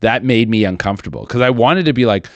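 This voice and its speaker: A man's voice: mid-range voice, animated, fast talker, dry recording, highs cut off. A man in his thirties hosting a podcast, rambling crudely and profanely with lots of fillers and restarts. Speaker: podcast host. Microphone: studio microphone.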